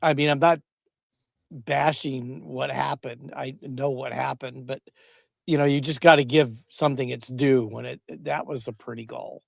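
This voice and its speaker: A man co-hosting a casual sports podcast, speaking in an earnest, measured way and hedging with fillers. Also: medium pitch, steady tone, gravelly, dry recording, studio quality. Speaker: podcast co-host.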